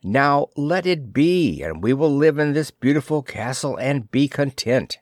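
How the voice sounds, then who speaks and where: A man's voice: medium pitch, animated, unhurried, dry recording, clean studio sound, lightly acted. A man voicing a timid, pleading fisherman. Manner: pleading, hesitant. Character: timid, reluctant poor old fisherman.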